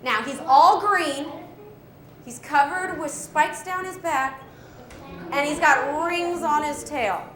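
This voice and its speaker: A woman's voice: high-pitched, takes it slowly, fairly bright tone, roomy sound. A woman wildlife educator giving an upbeat live animal presentation to children, asking them questions and laughing often.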